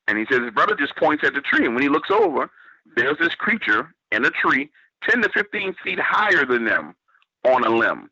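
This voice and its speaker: A man's voice: mid-range voice, wildly swooping pitch, normal speed, sharp tone, breathy edge, no echo, muffled recording. A man from New Orleans with a Southern accent, telling a story on a radio show and quoting what others said to him. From New Orleans, Louisiana, US. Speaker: guest storyteller.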